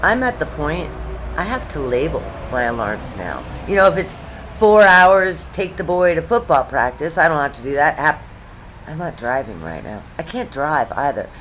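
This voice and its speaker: A woman's voice: low voice, sing-song, normal speed, fairly bright tone, slight background noise. A woman in her fifties talking casually to camera at home, chatty and sarcastic, drifting between topics. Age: 50s. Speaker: YouTube commentary host. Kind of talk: casual rambling commentary to camera.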